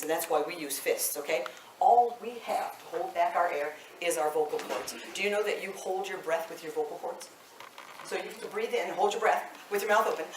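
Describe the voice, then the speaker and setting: A woman voice teacher runs a live singing workshop, talking to the group in a chatty way and checking in with "okay?" after almost every point. She is recorded from across a large, echoey room, with a faint hiss underneath. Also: mid-range voice. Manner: chatty, ends phrases with "okay?". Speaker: voice teacher and choir director. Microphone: room mic at a distance. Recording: roomy, distant, faint hiss.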